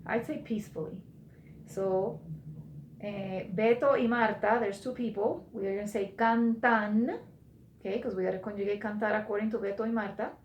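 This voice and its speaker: A woman's voice: mid-range voice, steady tone, normal speed, echoey room, lo-fi sound, a little hiss or hum. A woman teaching a recorded language class, patient, repeating and translating each phrase for her students. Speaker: Spanish teacher.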